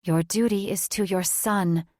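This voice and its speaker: A woman voicing a quiet, frail voice speaking inside a witch's mind, urging her on. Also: medium pitch, steady tone, a little slow, no room sound, clean studio sound, natural voice.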